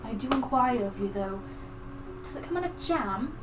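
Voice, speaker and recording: A gracious noble lady, genteel and unhurried, as a woman acts her out at a tabletop game. Her voice sits a little high. It is heard from a distance, with music behind. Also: expressive, lightly acted.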